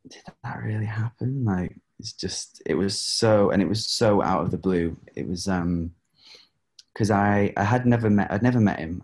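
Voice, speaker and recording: Very low-voiced man. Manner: animated, laughs often, many fillers. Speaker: guest singer. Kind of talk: casual storytelling interview.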